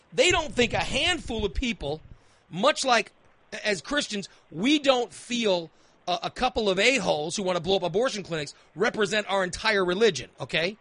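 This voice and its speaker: Here the host's voice is high and a bit bright, captured in a dry recording. He presses his argument emphatically on his talk radio show, circling back to the same phrases to build an opinionated case.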